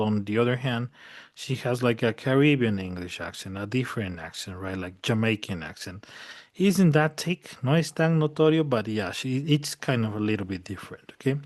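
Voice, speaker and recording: A bilingual male English teacher with a lowish voice gives a classroom lesson, mixing English with Spanish translations and checking often that students understand. The sound is dry, with no room sound.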